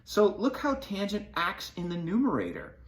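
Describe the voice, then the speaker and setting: Animated man teaching a math lesson. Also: high voice. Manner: playful, acts out sine and cosine as friends in quick skits.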